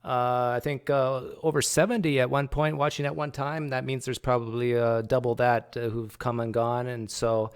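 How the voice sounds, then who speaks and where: A man's voice: mid-range voice, level tone, normal speed, few pauses, clean tone. A man hosting a livestream, chatty and teasing, joking with his guest. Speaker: livestream host. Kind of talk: casual livestream chat.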